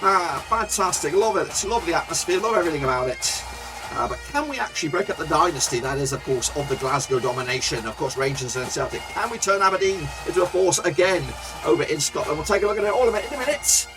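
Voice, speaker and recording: Chirpy gravelly-voiced man playing a game. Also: fairly high pitch, expressive, fast, over music. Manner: loud, chirpy, rambling with many fillers. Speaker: gaming channel host. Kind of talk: casual game commentary.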